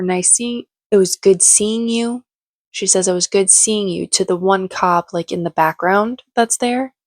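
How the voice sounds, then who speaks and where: A woman's voice: lowish voice, no echo. A woman giving casual, sarcastic, opinionated commentary as she recaps a reality show.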